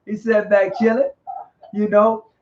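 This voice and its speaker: A man hosting a casual live online interview, talking in an animated, slangy way and often repeating himself. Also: high voice, measured pace, slight background noise. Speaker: host. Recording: dull lo-fi audio.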